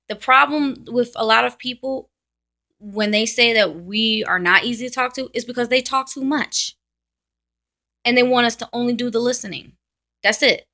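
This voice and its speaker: A woman's voice: medium pitch, bright, forceful tone. A woman vlogger talking bluntly to camera in a casual, ranting monologue.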